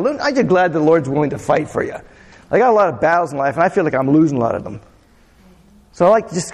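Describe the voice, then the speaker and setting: Pastor, male, conversational sermon, voice pitched a touch high, long hall reverb. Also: sing-song, fast. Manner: conversational, asks the congregation questions.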